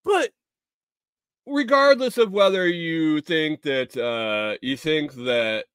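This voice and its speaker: A man's voice: a little high, lively intonation, slow pace, a bit bright, smooth, no room sound, clean studio sound. A man telling a rambling, profane story in a casual vlog, sounding exasperated. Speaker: vlogger.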